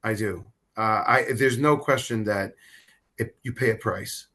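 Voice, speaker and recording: A middle-aged rabbi talking as a guest in an emotional interview, halting and repeating words as he speaks. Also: on the low side, sharp tone. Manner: halting, repeats words, stammers when moved.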